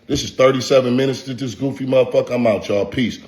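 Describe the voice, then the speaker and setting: A man's voice: medium pitch, fairly even intonation, fast, a little mellow. A man, an online content creator, delivering a profane, taunting vlog rant full of repeated insults. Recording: roomy echo.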